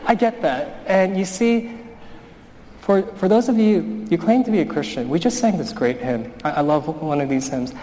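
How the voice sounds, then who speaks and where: A man's voice: on the high side, normal speed, mellow. A male pastor preaching a sermon in a conversational, storytelling manner. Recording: long hall reverb.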